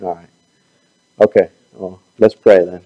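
A man leading a Bible class and closing it with a prayer. He is losing his voice and talks in a halting way, often stumbling over his words. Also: sits low, little pitch movement, highs cut off.

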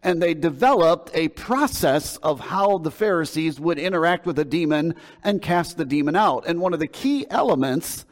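A man's voice: a little high, lively intonation, moderate pace, hardly any pauses. A male pastor delivering a sermon, retelling a scripture story with emphasis in a conversational preaching manner. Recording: long hall reverb.

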